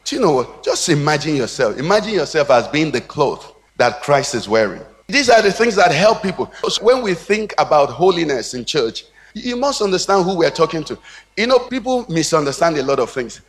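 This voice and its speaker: A man's voice: fairly high pitch, sing-song, a little fast. A man with a Nigerian English accent, a pastor preaching a sermon with a rhythmic cadence and call-and-response questions to the congregation. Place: church hall. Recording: long reverb of a church hall.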